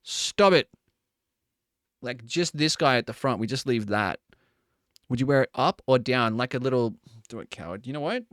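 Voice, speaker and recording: A man's voice: medium pitch, no room sound, studio quality. A man streaming, chatting and joking casually while reacting to videos. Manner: animated, joking, quick laughs.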